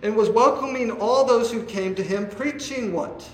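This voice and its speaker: A man preaching a sermon, asking his listeners rhetorical questions and often pausing on "uh". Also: sits high. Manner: asks the listeners rhetorical questions, with many "uh" fillers. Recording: echoey room.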